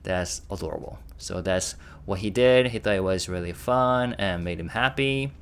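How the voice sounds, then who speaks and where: A man's voice: sits low, moderate pace, clear, resonant tone. A young man hosting a casual reaction video, chatting and stopping often to react and translate. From Korea.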